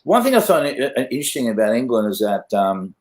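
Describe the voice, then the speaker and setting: A man's voice: medium pitch, big pitch swings, fast, a little mellow, reverberant, low-quality recording. A man with an Australian accent, a guest telling loose, sweary stories in a casual interview. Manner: swears freely, loose storytelling. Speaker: guest, mastering engineer.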